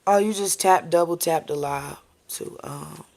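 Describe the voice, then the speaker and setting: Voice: mid-range voice, measured pace, creaky, darkish tone. A tarot reader doing a live-stream reading, talking in a casual, profane and rambling way and often checking in with viewers by asking "okay?" and "all right?".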